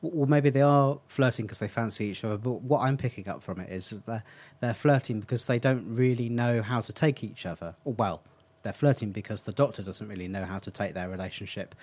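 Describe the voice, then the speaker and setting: A man's voice: lowish voice, fairly quick, few pauses, darkish tone. A man co-hosting a podcast, talking enthusiastically in casual chat. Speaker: podcast co-host.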